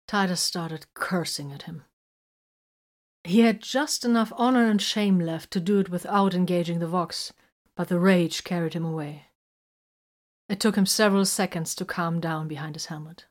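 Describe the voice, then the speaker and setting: A woman reading a science-fiction story aloud in a steady, even storytelling manner. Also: lowish voice, normal speed. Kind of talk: audiobook narration.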